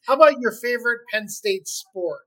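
A man's voice: very high-pitched, expressive, normal speed, a bit bright, poor audio. A man hosting a podcast, asking interview questions and delivering an enthusiastic sign-off. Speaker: podcast host.

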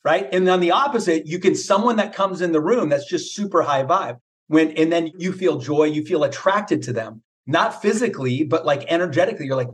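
On a podcast, a middle-aged mindset coach talks a little fast with few pauses, his voice on the high side. He coaches casually and emphatically, leaning on rhetorical questions to motivate.

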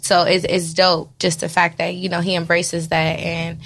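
A woman guest in a studio, talking in a steady, earnest way. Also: fairly low pitch, normal speed, vocal fry. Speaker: podcast guest. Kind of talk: casual chat.

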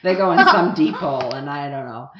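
A low-voiced woman talks a little fast on a lo-fi recording with background noise. Using a studio microphone in an echoey room, she puts playful questions to children and laughs a lot in casual back-and-forth.

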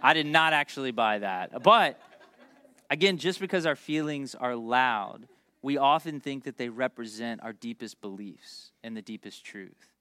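A man in his thirties preaching a sermon, animated and jokey, telling stories with quick asides. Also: medium pitch, clear, resonant tone, no echo. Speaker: pastor.

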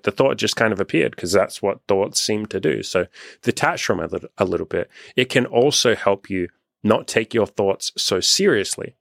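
A man's voice: lowish voice, expressive, moderate pace, creaky, fairly bright tone, no echo, studio quality. A young man hosting as a dating coach, talking casually and profanely and acting out the voices of people he quotes. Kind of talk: casual podcast conversation.

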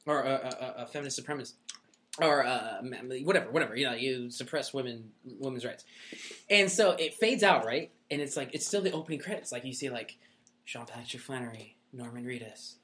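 A young man co-hosts a casual podcast in a bright, clear-toned voice. He rambles through stories at an easy pace, packed with "like," "um" and "dude," in a relaxed, friendly chat. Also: medium pitch, fairly quick, a little hiss or hum. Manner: laid-back, filler-heavy storytelling with lots of "dude" and "like". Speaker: podcast co-host.

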